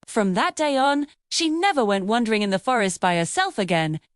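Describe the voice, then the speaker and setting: A woman reading a bedtime story aloud in a gentle, expressive way. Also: a little high, dry recording, clean studio sound.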